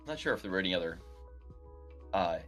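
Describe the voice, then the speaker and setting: Snarky swearing podcast guy, bright voice, pitch jumping around, faint music. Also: fast. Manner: profane, sardonic, animated. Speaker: podcast co-host. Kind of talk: casual comedic chat.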